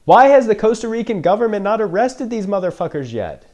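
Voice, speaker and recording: A man riffing through a film he has never seen, with a mellow, low-toned voice that swings up and down a lot. He jokes, swears freely and laughs often. It is casual reaction commentary with dry sarcasm. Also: very animated, fairly quick. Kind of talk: casual first-time movie reaction commentary.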